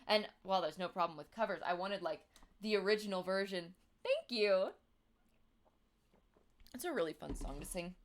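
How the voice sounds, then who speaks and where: A woman's voice: medium pitch, lively intonation, normal speed, long pauses. A woman in her twenties chatting casually on a livestream, giggly, with lots of fillers. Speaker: livestream host. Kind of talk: casual livestream chat with singing.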